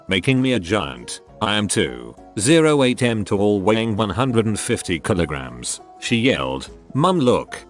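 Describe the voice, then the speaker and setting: Man narrating stories, lively and low. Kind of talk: reading online stories aloud.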